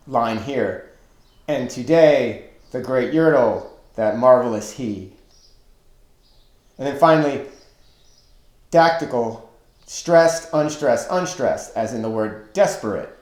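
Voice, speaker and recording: A man teaching a webinar lecture on poetry, deliberately counting out stressed and unstressed syllables. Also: mid-range voice, a little mellow, reverberant.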